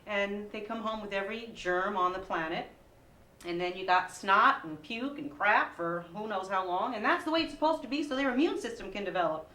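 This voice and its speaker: A woman in her forties doing a stand-up comedy set, with lively delivery and sing-song voices for her kids. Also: medium pitch, fairly quick. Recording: echoey room, mic at a distance.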